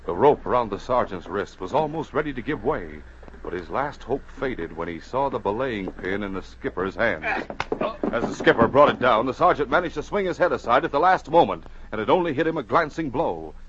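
A man's voice: mid-range voice, sing-song, a little fast. A man narrating a radio adventure drama with urgent, suspenseful delivery. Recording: muffled old radio recording with hiss.

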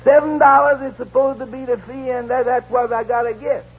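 A man's voice: extremely high pitch, level tone, brisk, slightly rough, voice pushed up. A man doing a blunt defiant porter. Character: stubborn male trunk porter, working man. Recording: dull old radio recording.

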